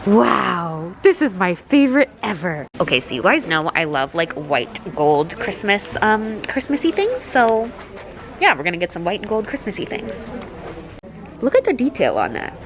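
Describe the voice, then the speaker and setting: A young woman vlogging in a gushing, excitable way, gasping and exclaiming as she chats. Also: medium pitch, unhurried, a little hiss or hum. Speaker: lifestyle vlogger. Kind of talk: casual vlog chat.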